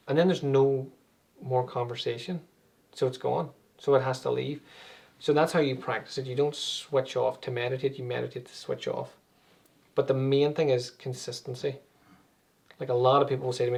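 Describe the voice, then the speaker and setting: A man's voice: medium pitch, fairly even intonation, moderate pace, creaky, darkish tone. A man, an anxiety and meditation coach, explaining things conversationally with everyday examples as an interview guest.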